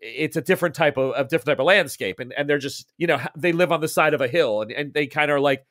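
A man's voice: a little high, fairly bright tone, no room sound, studio quality. A man narrating as game master in a tabletop game, rambling with frequent restarts. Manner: rambling, halting, many restarts.

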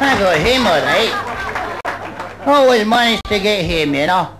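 High-voiced Scottish comedian, live club crowd. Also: male voice, expressive, a little slow. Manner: rambling anecdotes peppered with "you know". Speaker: stand-up comedian. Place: nightclub stage before a live audience. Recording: old live club recording, loud crowd and noise. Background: audience laughter.

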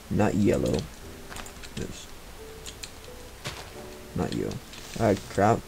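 A man's voice: sits low, animated, a little slow, vocal fry, long pauses, a little mellow, slight background noise, poor audio. A man giving live gameplay commentary on a cheap microphone, mumbling and grumbling to himself with frustrated asides. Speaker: gaming commentator. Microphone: cheap replacement microphone.

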